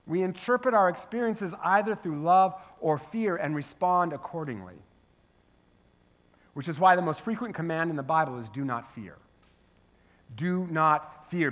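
High-voiced man preaching a sermon. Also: normal speed. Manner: storytelling, animated, asks the crowd "right?". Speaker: pastor. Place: church sanctuary.

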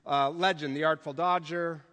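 Man, lecturer, slightly high voice, easygoing, echoing hall. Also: fairly even intonation, normal speed, a bit bright. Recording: hall reverb.

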